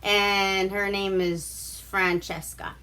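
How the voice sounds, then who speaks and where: Slow-talking, bright-voiced woman recapping a film. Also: mid-range voice, little pitch movement, clear, resonant tone. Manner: profane, chatty, acts out quotes. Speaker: vlog host reviewing a movie. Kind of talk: casual movie recap.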